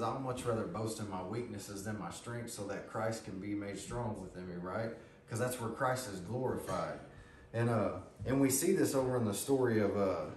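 A male pastor delivers a casual, folksy sermon, retelling scripture in plain talk. His voice sits at a middle pitch. It reaches the mic from across an echoey church, with faint room hum behind it. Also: far from the mic. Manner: folksy, conversational preaching with paraphrased quotes. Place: church sanctuary.

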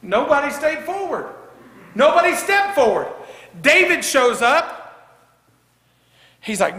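Animated preacher in an echoing church. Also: male voice, high-pitched, a little slow. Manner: lively, jokey, swings from loud to hushed. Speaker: pastor. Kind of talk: sermon. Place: church sanctuary. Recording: echoey church hall.

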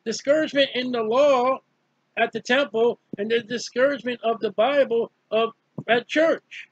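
A man's voice: very high-pitched, fairly even intonation, normal speed, husky, dry recording. A man preaching a fervent, emphatic Bible study sermon, repeating key phrases. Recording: dull lo-fi dry recording.

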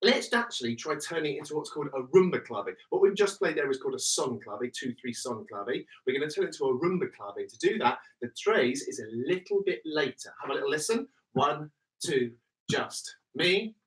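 A man's voice: a little high, lively intonation, brisk, few pauses, distant mic, poor audio. A British man teaching body percussion in an online workshop, counting in and chanting rhythms with upbeat energy.

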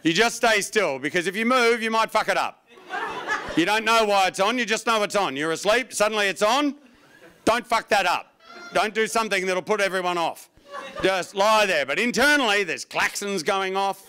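A man's voice: sits high, moderate pace. Wry, profane man doing stand-up. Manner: wry, profane, animated storytelling. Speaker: stand-up comedian. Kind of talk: stand-up comedy routine.

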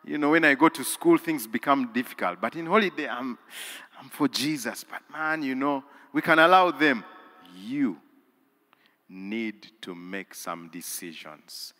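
A man preaching a sermon in a large cathedral, swinging from hushed lines to loud, emphatic peaks and repeating words for emphasis. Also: medium pitch, expressive, a little slow. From Uganda. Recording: long hall reverb.

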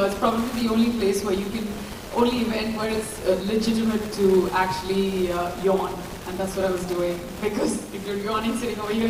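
A woman chatting as a panel guest, rambling and self-deprecating with many fillers. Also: mid-range voice. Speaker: panel guest at a product launch. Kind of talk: casual panel chat. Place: large echoey event hall. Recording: echoey hall, far-off mic, background noise.

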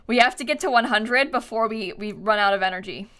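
A woman giving excitable live gaming stream commentary, swinging between panicked shrieks and quiet muttering. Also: a little high, moderate pace.

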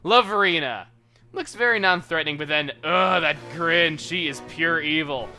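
A young man doing excitable, sarcastic commentary over gameplay. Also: a little high, moderate pace. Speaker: let's player. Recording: faint music behind.

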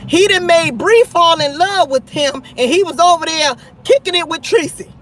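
High-pitched, animated gossiping woman host. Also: moderate pace, a little hiss or hum. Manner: animated, gossipy, full of "child" and "honey". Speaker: live-stream host. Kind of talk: casual live-stream chat.

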